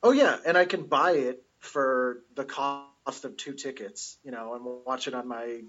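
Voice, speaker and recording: A man co-hosting a casual chat, calmly explaining details and trivia. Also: medium pitch, measured pace, highs cut off.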